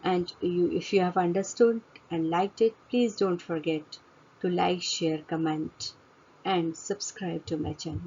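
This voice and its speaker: Woman teacher, slow and husky, patient grammar-lesson delivery, dull lo-fi sound. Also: lowish voice, fairly even intonation, darkish tone. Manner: slow, deliberate, repeats key words as questions and answers. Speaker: English teacher. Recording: dull lo-fi recording.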